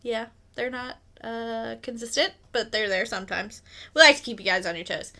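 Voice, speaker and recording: A woman with a bright, clear voice pitched a little high co-hosts a podcast. She laughs often while she runs through the show's details in casual chat. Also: moderate pace. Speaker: podcast co-host.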